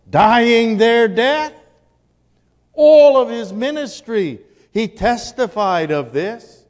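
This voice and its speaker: A man preaching a sermon in a slow, solemn way, rising loud and dropping to a hush. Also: fairly high pitch. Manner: slow, solemn delivery with dramatic swings from loud to hushed. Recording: long hall reverb.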